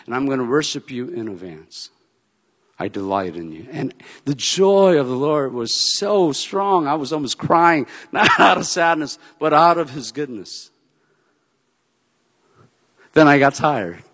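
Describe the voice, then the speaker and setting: Lively male preacher, bright and fairly high, long hall echo. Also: a little slow. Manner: animated, swings from shouting to soft. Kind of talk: sermon storytelling.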